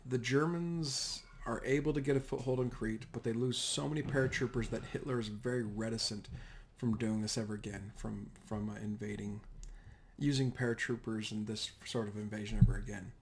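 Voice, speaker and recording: A man's voice: mid-range voice, steady tone, fairly quick, slight background noise. A man giving a casual, rambling history lecture over slides, often correcting himself mid-sentence. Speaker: history teacher.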